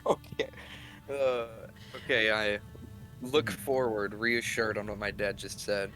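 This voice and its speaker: A man playing a tabletop game in character, stammering and quick to react. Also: on the low side, fairly even intonation, over music. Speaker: player.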